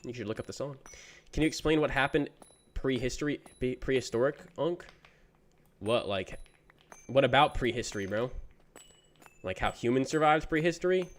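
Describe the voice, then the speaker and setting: On his gaming livestream, this young man talks at a moderate pace in an animated, mid-range voice. He reads viewers' messages aloud and responds laid-back and full of slang, with "bro" coming up often.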